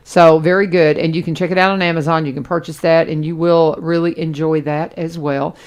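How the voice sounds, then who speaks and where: A woman's voice: sits low, little pitch movement, a little fast, a little mellow. A woman radio host, talking in a chatty, enthusiastic way with many restarts. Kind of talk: casual radio chat.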